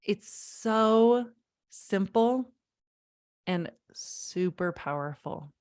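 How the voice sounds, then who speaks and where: A woman's voice: medium pitch, lively intonation, very slow, darkish tone. Emphatic woman parenting coach. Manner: emphatic, repeats key phrases, addresses audience directly. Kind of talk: live online parenting workshop.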